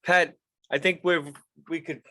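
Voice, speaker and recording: A middle-aged man hosting an interview podcast, talking sincerely and warmly with his guest. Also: on the high side, fairly even intonation, measured pace, over a noisy crowd. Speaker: podcast host. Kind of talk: casual interview chat.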